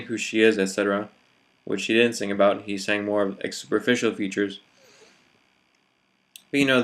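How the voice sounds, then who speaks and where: Hesitant, low-voiced man musing aloud. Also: a bit bright. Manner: hesitant, many fillers and restarts. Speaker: vlogger. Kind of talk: reflective casual monologue.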